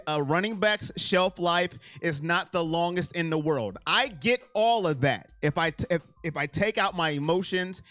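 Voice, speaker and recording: A man's voice: fairly high pitch, a bit bright, no echo. A man hosting a casual sports livestream, talking in an emotional, rambling way and thanking donors by name. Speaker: sports channel host.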